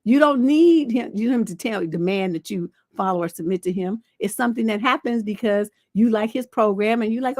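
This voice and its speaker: A woman's voice: mid-range voice, a little fast, few pauses, dry recording. A middle-aged woman relationship coach giving blunt, profane advice on a livestream, acting out retorts as she tells stories. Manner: blunt, profane, animated storytelling with acted-out retorts.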